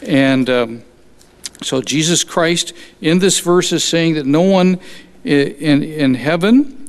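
Slow-speaking preacher man in a reverberant hall. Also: on the high side. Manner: unhurried, explanatory, with frequent restarts. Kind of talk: sermon.

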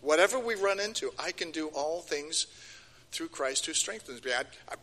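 A man's voice: fairly high pitch, animated, normal speed, pushed and bright. An older man giving a sermon, emphatic and repeating key phrases, his voice rising and falling. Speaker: preacher. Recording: long hall reverb.

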